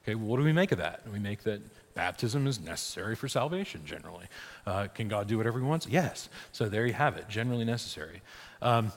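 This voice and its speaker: A man's voice: lowish voice, husky. A man, a priest, teaching a church catechesis class in a conversational way, often checking in with "right?". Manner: conversational, frequent "right?" checks, laughs, restarts. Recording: long hall reverb.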